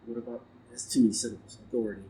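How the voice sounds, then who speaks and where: A man's voice: medium pitch, level tone, racing, mellow, poor audio. A man in a poetry workshop, learning as he goes. He asks questions in a hesitant way and often stops to start his sentences over. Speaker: workshop student poet. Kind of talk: workshop conversation.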